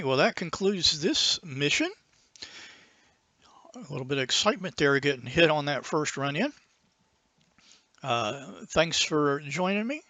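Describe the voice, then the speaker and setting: A man hosting a flight simulator tutorial, calmly and methodically talking himself through each step of the flight. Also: a little high, dry recording. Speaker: flight sim video host. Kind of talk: narrated simulator gameplay tutorial. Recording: loud aircraft engine noise under the voice. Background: simulated jet engine and cockpit noise.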